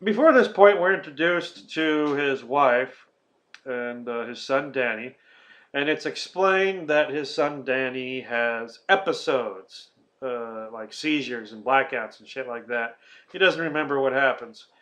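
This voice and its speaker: A man hosting a podcast in casual chat, swearing often as he retells a film with animated energy. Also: medium pitch. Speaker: podcast host.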